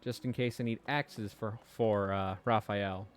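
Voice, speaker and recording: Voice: mid-range voice, fairly even intonation, a little slow. A streamer giving offhand, sarcastic commentary while playing a game. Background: game music.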